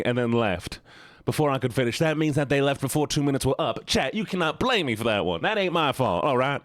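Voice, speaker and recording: A man's voice: mid-range voice, lively intonation, a little fast, no room sound, studio quality. A male live streamer chatting playfully with his viewers, pleading and teasing. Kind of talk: casual chat with viewers.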